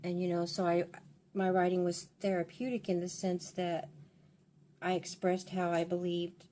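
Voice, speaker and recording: A woman's voice: on the low side, little pitch movement, moderate pace, mellow. Older female beauty vlogger, rambling and confessional as she styles her hair, faint noise behind. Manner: rambling and confiding, with many restarts. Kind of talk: casual chat while doing her hair.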